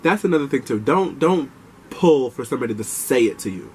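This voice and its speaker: A young man vlogging, telling a personal story in a chatty, animated way and giving advice straight to viewers. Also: mid-range voice, a little fast, slight background noise, rough recording.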